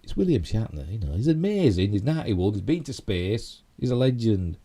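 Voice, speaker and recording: A man's voice: on the low side, big pitch swings, brisk, mellow. A man with a Yorkshire accent hosting a casual live stream, rambling through geek news with lots of "you know" and tag questions. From Yorkshire, England.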